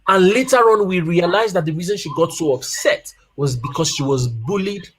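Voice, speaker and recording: Male guest, 30s-40s, high and very animated delivery, casual storytelling advice. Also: moderate pace. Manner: animated, repeats key points for emphasis. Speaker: guest speaker on family life. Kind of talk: casual advice talk with personal stories.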